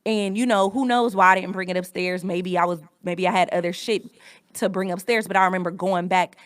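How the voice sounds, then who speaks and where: A woman in her thirties with a lowish voice talks through her own story on a podcast. She is candid and reflective, and she swears freely. The sound is close and dry, with no room around it. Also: steady tone, a little fast, no echo. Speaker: podcast host. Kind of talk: personal storytelling monologue.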